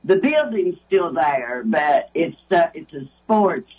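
A woman's voice: low voice, very animated, slow pace, crowd noise, poor audio. An older woman, a guest telling rambling, folksy stories in casual talk. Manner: rambling, folksy, lots of restarts. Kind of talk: casual storytelling.

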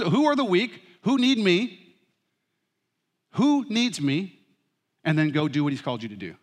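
A middle-aged man preaching a sermon as pastor, with humorous, animated storytelling. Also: a little high. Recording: reverberant hall.

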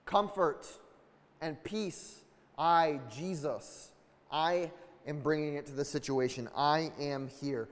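A man preaching with a high voice, earnest and building in intensity, acting out the lines of the people in the story. His voice rings through a hall with a long reverb tail. It sounds like a sermon given in a church. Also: takes it slowly. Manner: earnest, building intensity, acts out quoted dialogue.

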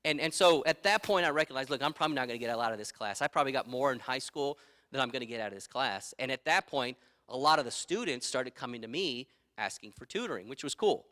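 A man's voice: medium pitch, expressive, quick pace, pushed and bright. A middle-aged man preaching a sermon as pastor, emphatic and repeating his key phrases, with stories from his own life.

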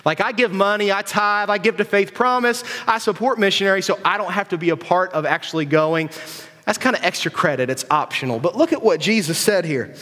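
A man's voice: high voice, brisk, bright, forceful tone. A man giving a casual, conversational sermon to young people, repeating himself and asking rhetorical questions. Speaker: preacher. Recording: long hall reverb.

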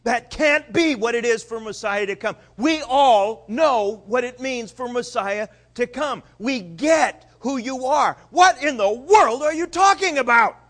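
A man voicing a pushy, excited male disciple who loudly insists on glory. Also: high-pitched, slow pace, pitched above the performer's own voice, full character voice. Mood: exasperated. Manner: loud, insistent and exasperated.

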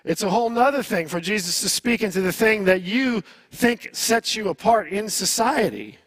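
A man with a notably high voice preaches a sermon in an easy, conversational way. He asks rhetorical questions and speeds up or slows down to stress a point. His voice sounds close and dry, with no room echo. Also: lively intonation, fairly bright tone. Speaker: pastor.

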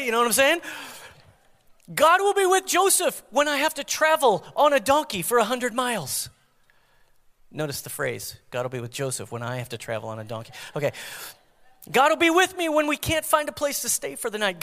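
A man preaching a sermon as pastor, swinging from loud emphatic calls to hushed near-whispers. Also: very high-pitched, long reverb tail.

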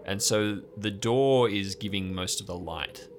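A man running a tabletop game as game master, slowly describing each scene in detail. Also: fairly low pitch, slight background noise. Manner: slow, descriptive scene-setting.

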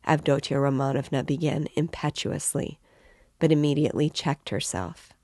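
Woman reading a novel aloud, measured. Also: extremely low pitch, fairly even intonation, creaky, a little mellow, no echo, clean studio sound. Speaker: reader.

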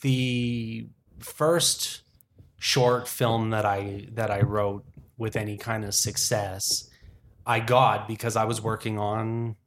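A man's voice: on the low side, flat delivery, slow pace, a little hiss or hum. A man in his forties, a film industry worker chatting as a podcast guest, rambling and thinking aloud with many restarts. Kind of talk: casual interview chat.

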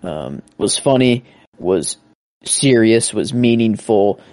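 A man co-hosts a casual chat, his pitch swinging up and down as he talks. He is enthusiastic and rambles, often restarting his sentences. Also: animated, slow, a little mellow. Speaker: co-host.

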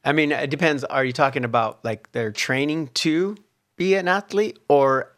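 A man's voice: medium pitch, normal speed, fairly bright tone. A man chatting as a guest, playful and teasing, filling his talk with "like". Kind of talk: casual chat.

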